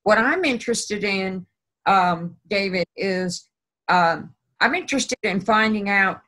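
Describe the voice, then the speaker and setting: A woman hosting an interview, talking hesitantly with many pauses and restarts. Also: mid-range voice, bright, forceful tone, rough recording. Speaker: host. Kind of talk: casual interview.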